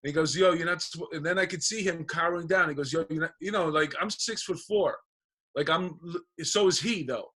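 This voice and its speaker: Animated New man telling stories. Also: a little high, brisk, slightly rough. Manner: animated storyteller acting out dialogue, profane. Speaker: podcast guest, comedian. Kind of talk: casual chat, storytelling.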